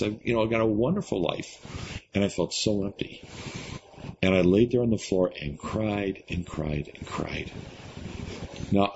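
An older man, an interview guest, sharing a personal faith testimony in an earnest storytelling way, often laughing and repeating words. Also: fairly low pitch. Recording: slightly muffled recording with faint hiss.

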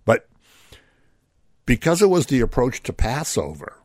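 A man's voice: mid-range voice, huge pitch swings, unhurried, darkish tone, dry recording, studio quality. A man preaching a conversational sermon, explaining scripture with asides and rhetorical questions.

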